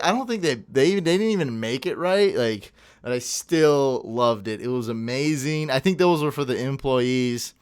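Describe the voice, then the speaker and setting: A young man co-hosting a podcast, chatting casually and telling an animated story full of tangents and laughs. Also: medium pitch, moderate pace, hardly any pauses, clear, resonant tone. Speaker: podcast co-host. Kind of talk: casual chat.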